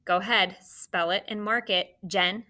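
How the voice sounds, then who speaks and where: A woman teacher giving a spelling lesson to children, slow and deliberate, sounding out words letter by letter. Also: mid-range voice, steady tone, bright, forceful tone.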